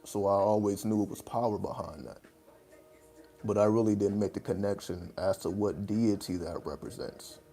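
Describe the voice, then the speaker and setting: A man's voice: lowish voice, normal speed, warm tone. A man hosting a casual livestream, talking in a loose, rambling way with lots of fillers and laughing between points. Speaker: livestream host.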